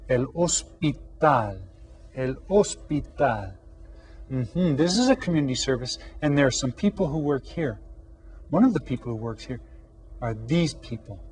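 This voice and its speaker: A man teaching children an elementary Spanish lesson, patient and questioning, drawing out each new word slowly and asking the class to repeat. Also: medium pitch, expressive, darkish tone, breathy edge. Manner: asks questions and pauses for answers.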